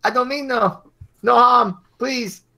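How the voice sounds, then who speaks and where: A man voicing a frail elderly male noodle seller who cries out, terrified and pleading, in a high strained voice. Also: takes it slowly, creaky, pushed and bright, heavily acted.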